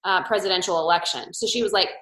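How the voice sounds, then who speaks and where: A woman with a bright, forceful voice coaching her sales team on a call. She talks in a chatty, storytelling way and acts out the back-and-forth of past conversations. The sound comes through with a noticeable echo of the room around her. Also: medium pitch, fast talker. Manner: chatty storytelling, acting out quoted dialogue. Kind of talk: motivational sales coaching talk.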